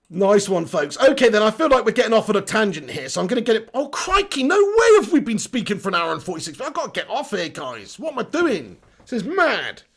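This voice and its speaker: A man's voice: high voice, huge pitch swings, normal speed, creaky, fairly bright tone, slightly rough. A man hosting a live stream, chatting casually and joking while reading out viewer comments. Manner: jokey, reads out chat messages.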